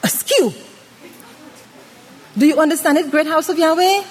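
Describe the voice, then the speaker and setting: A woman preaching a sermon with an acted-out story, dramatic, swinging between loud and hushed delivery. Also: high-pitched, moderate pace. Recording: long reverb of a hall.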